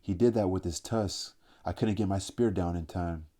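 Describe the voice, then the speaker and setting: A man's voice: low voice, normal speed, warm tone. A man voicing a bossy, aggressive boy who leads the hunt, read as part of an audiobook. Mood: brusque. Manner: commanding, brusque.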